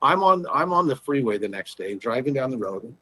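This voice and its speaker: A man's voice: mid-range voice, brisk, breathy edge, no room sound, poor audio. A man guest in an interview, animatedly telling a personal story and acting out past conversations. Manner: animated, retells conversations in dialogue.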